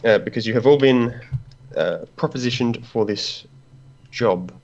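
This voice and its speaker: A man narrating as game master of a tabletop game, halting and full of pauses. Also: medium pitch, a little mellow. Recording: dull lo-fi recording.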